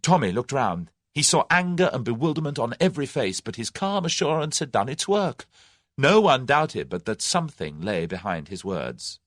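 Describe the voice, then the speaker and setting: A male audiobook narrator delivers scripted narration in an expressive, dramatic reading. His voice is medium-pitched and moderately paced, recorded dry with clean studio sound.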